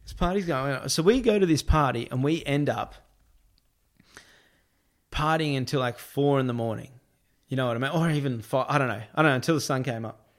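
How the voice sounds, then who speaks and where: A man chatting loosely on a podcast with a mid-pitched, everyday voice. He tells a rambling story, laughs as he goes, and jumps up in pitch to act out what others said. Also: a little fast, pauses often. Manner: animated, quotes others in a raised voice with many "I'm like" asides; laughs often while telling the story. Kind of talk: casual anecdote telling.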